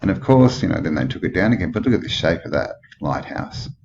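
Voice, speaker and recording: Australian male host, low voice, skeptical thinking-aloud commentary, muffled lo-fi track with audible hiss. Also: lively intonation, fast talker, darkish tone. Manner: musing, skeptical, thinks aloud with many questions. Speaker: channel host. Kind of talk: rambling commentary over old photos. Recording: dull lo-fi with clear background noise.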